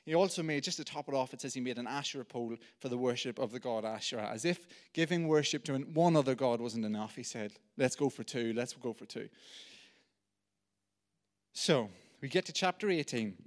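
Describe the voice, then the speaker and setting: A man preaching a sermon, retelling a story with lively jokey asides. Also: medium pitch, fast, hardly any pauses.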